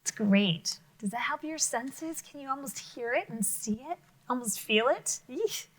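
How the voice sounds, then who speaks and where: A woman teacher reading a picture book aloud to children, expressive and full of questions to her listeners, sometimes dropping to a whisper. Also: a little high, measured pace, poor audio. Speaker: elementary school teacher.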